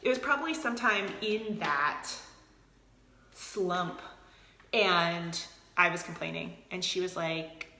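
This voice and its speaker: Woman, motivational team leader, live video chat. Bright, peppy tone, noticeable room echo. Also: lowish voice, measured pace, gravelly. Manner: energetic, motivational, talks to viewers by name. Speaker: team leader of a direct sales group.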